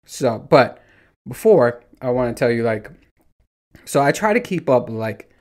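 A man's voice: mid-range voice, a little slow. A man in his thirties ranting casually as a solo podcast host, telling stories with lots of swearing and acting out what people said. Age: 30s. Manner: animated, profane storytelling with mimicked dialogue.

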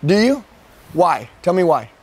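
A man's voice: sits high, big pitch swings, a little slow, darkish tone, breathy edge. A man coaching a room of sales trainees live. He talks intensely and emphatically, repeats his points, and often calls people "dude".

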